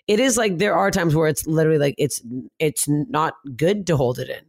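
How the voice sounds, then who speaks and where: A woman's voice: low voice, expressive, a little fast, gravelly, darkish tone. A woman hosting a podcast, reacting with laughs and blunt, profane remarks in casual conversation. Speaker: podcast host. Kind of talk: casual chat.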